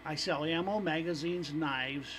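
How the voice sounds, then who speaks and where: A man's voice: a little high, measured pace, noisy background. A man, a vendor at gun shows, chatting casually on a radio show in an easygoing way, laughing at his own jokes. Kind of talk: casual talk radio chat.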